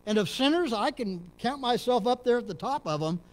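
A middle-aged man from Texas, a pastor preaching a sermon in a church, dropping to low murmurs and rising to loud emphatic peaks. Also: animated, brisk. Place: church sanctuary.

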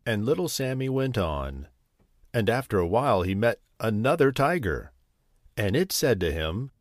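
A man reading a children's bedtime story aloud in a gentle, measured way. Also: lowish voice, sing-song, dry recording, clean studio sound.

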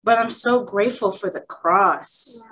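A woman's voice: fairly high pitch, measured pace, a bit bright, slightly rough, low-quality recording. A young woman speaking at a women's workshop, sharing an emotional personal testimony in a heartfelt, candid way.

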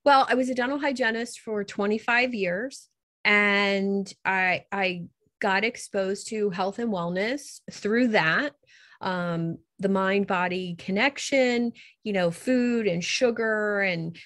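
A middle-aged woman, a coach, talking as an interview guest in a lively, rambling way and laughing easily. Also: mid-range voice, slow pace, no echo, clean studio sound. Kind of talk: casual interview.

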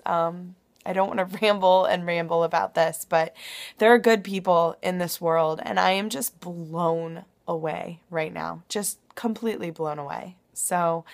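A young woman talking at home in a personal video diary, emotional and halting, with many pauses and restarts. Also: medium pitch. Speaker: vlogger.

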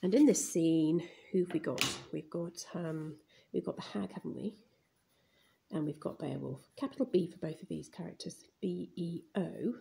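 A woman's voice: fairly low pitch, moderate pace, gravelly, dark tone, slight background noise. A woman teaching a primary class writing lesson, narrating as she writes and murmuring words while she writes them, recorded on a phone camera pointed at the page. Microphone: phone camera filming the page.

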